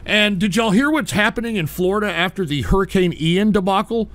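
Foul-mouthed ranting radio host, high bright voice. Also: male voice, fairly quick, no echo. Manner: ranting, profane, exasperated, swears constantly. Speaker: call-in radio show host. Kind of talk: profane call-in radio rant.

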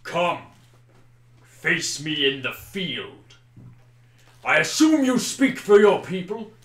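A man voicing a proud orc war chief who speaks in loud, slow, formal challenges in a tabletop game. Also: high voice, big pitch swings, pitched above the performer's own voice, full character voice. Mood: menacing. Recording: roomy echo.

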